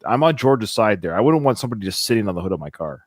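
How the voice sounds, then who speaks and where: A man's voice: fairly low pitch, sing-song, rapid-fire, very noisy. A man hosting a casual film podcast, talking things through as he goes and often restarting his sentences. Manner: chatty, thinks aloud with restarts. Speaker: podcast host.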